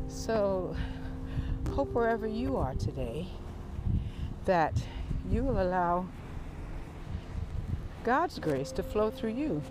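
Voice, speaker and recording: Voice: medium pitch, sing-song, slow, pauses often, music in the background. A vlogger in casual devotional chat who sounds reflective and preachy and draws out key words for emphasis. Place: inside a moving car. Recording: road noise inside a car.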